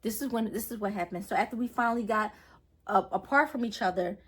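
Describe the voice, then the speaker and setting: A woman's voice: mid-range voice, fast talker, slightly rough. A young woman vlogger telling a personal story in a rambling, earnest way, full of fillers and restarts. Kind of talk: storytime vlog.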